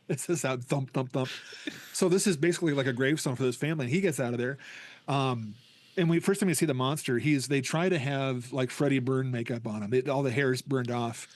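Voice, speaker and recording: A man's voice: medium pitch, brisk, no echo. A man hosting a podcast, chatting casually and enthusiastically, often stumbling and restarting. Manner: enthusiastic, rambling with many restarts. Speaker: podcast host. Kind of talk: casual chat.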